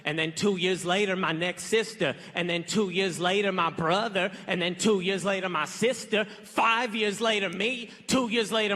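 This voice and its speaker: High-voiced young man doing stand-up. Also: bright, forceful tone. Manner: casual, punchy delivery with slangy asides. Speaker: stand-up comedian. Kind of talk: stand-up comedy set on stage. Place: large theater stage with live audience. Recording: live hall with crowd noise. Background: audience laughter and applause.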